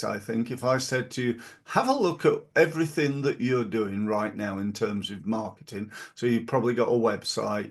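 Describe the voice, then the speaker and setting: British man, middle-aged, gravelly voice, rambling casual advice, podcast host. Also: mid-range voice. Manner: rambling, many fillers and restarts.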